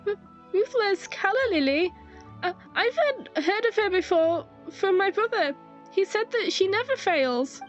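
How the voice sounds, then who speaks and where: A woman's voice: very high voice, animated, unhurried, pitched above the performer's own voice. A woman voicing an anxious young woman in a game, who stammers nervously. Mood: worried. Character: anxious young woman searching for her brother. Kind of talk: fan voice-over of a game scene. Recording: dull lo-fi with faint music.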